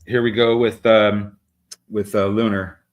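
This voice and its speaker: A man with a low voice talks through price levels on a live trading stream. He halts often and fills gaps with little filler sounds as he watches the charts. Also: flat delivery. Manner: halting, many filler sounds. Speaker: co-host of live market show.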